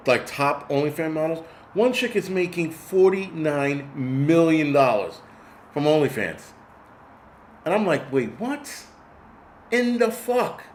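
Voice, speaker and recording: A man's voice: fairly high pitch, a little hiss or hum. A middle-aged man hosting a casual livestream, ranting bluntly with lots of swearing and reading viewer comments. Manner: profane, blunt, rambling rant.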